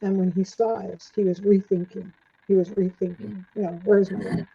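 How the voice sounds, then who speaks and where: A woman's voice: mid-range voice, little pitch movement, normal speed, gravelly, breathy edge. Chatty older woman telling stories. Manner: chatty, laughs often, acts out quoted lines. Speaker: interview guest. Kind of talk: storytelling in a casual interview. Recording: dull lo-fi sound.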